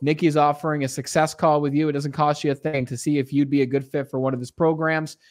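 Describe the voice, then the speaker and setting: Upbeat guy hosting a podcast, kinda high voice, big on praise. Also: flat delivery, quick pace, a little mellow. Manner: enthusiastic, short affirmations. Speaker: podcast host. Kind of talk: interview.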